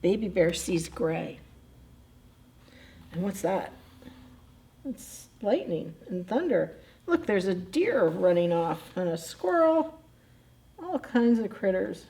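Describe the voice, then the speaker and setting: A woman's voice: medium pitch, very animated, takes it slowly, vocal fry, pauses often, mellow, a little hiss or hum. A woman, a children's librarian, reading picture books at library story time and chatting animatedly with the children, often laughing. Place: public library.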